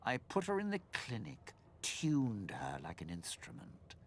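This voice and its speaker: A man's voice: huge pitch swings, a little slow, slight background noise. An actor voicing a bitter, scheming older man in a video game, speaking in a menacing drawl. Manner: low gravelly menacing drawl.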